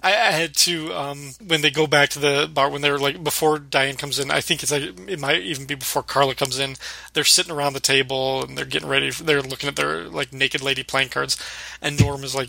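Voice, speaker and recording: A man's voice: medium pitch, fairly even intonation, fairly quick, vocal fry, bright, forceful tone, no room sound. A man hosting a podcast in casual chat, laughing as he retells scenes. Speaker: podcast host.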